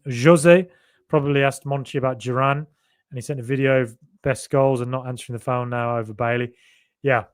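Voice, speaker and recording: A man with a Birmingham accent hosting a casual live-stream podcast, chatting loosely and reading out viewer comments. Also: medium pitch. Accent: Birmingham (Brummie). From Birmingham, England. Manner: chatty and rambling, with many fillers and asides. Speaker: podcast host.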